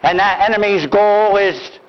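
An older man preaching a sermon, telling a story in an animated, deliberate way, heard on a dull lo-fi recording. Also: high voice. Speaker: pastor.

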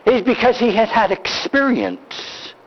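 Older man, pastor, sermon, animated storytelling, swooping pitch, muffled lo-fi sound. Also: measured pace. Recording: dull lo-fi recording.

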